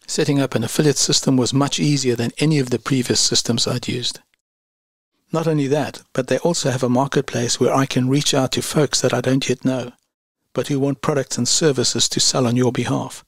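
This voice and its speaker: Gravelly-voiced man reading a dry review. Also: mid-range voice, no room sound. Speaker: online business reviewer. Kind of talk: scripted voice-over review.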